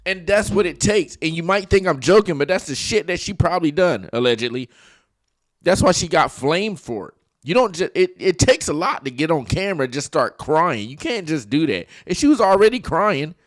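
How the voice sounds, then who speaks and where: A man's voice: fairly high pitch, moderate pace, no echo. Male reaction host, mocking and crude, bouncy intonation, close dry sound. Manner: mocking, profane and animated. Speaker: commentary host. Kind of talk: reaction commentary.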